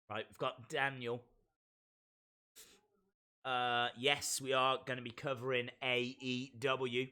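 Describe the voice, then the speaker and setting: A man's voice: medium pitch, level tone, slow pace, pauses often, pushed and bright, clear, resonant tone. A man hosting a casual live reaction stream of a wrestling show, playfully repeating phrases and reading out viewers' chat.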